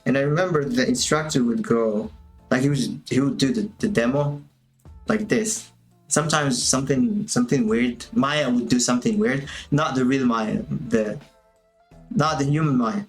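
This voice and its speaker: A man's voice: mid-range voice, moderate pace. A man with a mid-range voice walks viewers through his animation work in a loose, chatty way. He talks to himself as he works, with faint music playing behind him. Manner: casual, chatty, talks to himself while working. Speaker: animation instructor. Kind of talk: livestream tutorial commentary.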